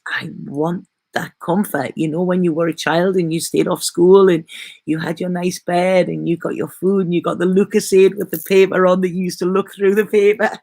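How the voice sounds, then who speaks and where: Soft-spoken woman, gentle and rambling. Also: on the low side, creaky, no room sound. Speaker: tarot reader. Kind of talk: casual spiritual vlog chat. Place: at home in bed.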